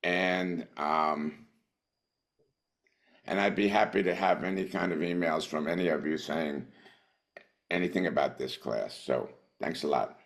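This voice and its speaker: A man teaching a small class over a video call, relaxed and encouraging as he wraps up the session. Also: rumbling low, measured pace, creaky, pauses often. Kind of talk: leading an online class.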